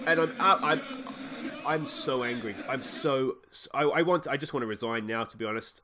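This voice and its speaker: A man's voice: medium pitch, moderate pace, sharp tone. A young Australian man commenting on his football management game, rambling with fillers and growing exasperated at his team. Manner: mock tirade at his players. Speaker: gaming channel host. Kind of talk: let's play commentary.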